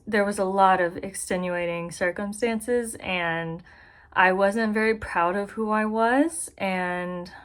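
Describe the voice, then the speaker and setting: A young woman vlogs a casual life update to the camera in front of her, chatty, giggly, and self-deprecating. She's in a bedroom she's moving into. Her mid-range voice has a clear, resonant tone.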